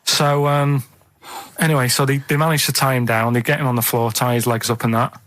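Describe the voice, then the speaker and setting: A man in his thirties with a Manchester accent, telling an odd news story on a radio show in a flat, unbothered way. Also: mid-range voice, brisk, dry recording. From England. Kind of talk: deadpan comic radio chat. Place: radio studio. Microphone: studio microphone.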